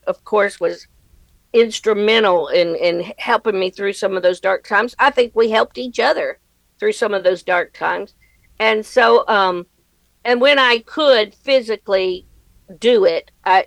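Brief: middle-aged woman comic as interview guest, gravelly, earnest, dry close sound. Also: mid-range voice, fairly bright tone, dry recording, low-quality recording. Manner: earnest and reflective, laughs easily, faith-centered. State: widowed. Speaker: comedian guest. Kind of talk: conversational interview answers.

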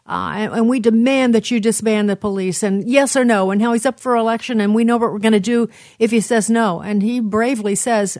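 A woman's voice: fairly high pitch, fairly even intonation, a little fast, few pauses, a little mellow, no echo. A woman hosting political commentary, speaking emphatically with frequent restarts and fillers. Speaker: commentary host.

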